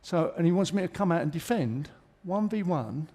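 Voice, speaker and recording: A man's voice: a little high, animated, moderate pace, mellow. Middle-aged man telling stories on stage. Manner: chatty anecdotal storyteller, jokes and chuckles. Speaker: guest. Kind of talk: live on-stage interview. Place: theatre stage.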